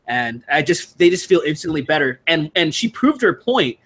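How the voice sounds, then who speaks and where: A man hosting a casual video-call chat, rambling with lots of fillers and restarts, crude and quick to laugh. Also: on the high side, very animated, a bit bright. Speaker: streamer hosting a patron hangout.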